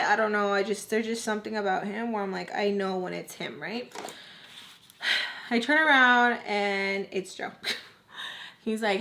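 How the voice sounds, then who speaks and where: A woman's voice: medium pitch, unhurried, fairly bright tone. A young woman tells a storytime to her camera while she does her makeup. She talks in a loose, chatty way and acts out what everyone said. She leans on "like" again and again. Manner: chatty, heavy use of "like", acts out quoted voices. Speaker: storytime vlogger. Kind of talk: casual storytime. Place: home, doing makeup.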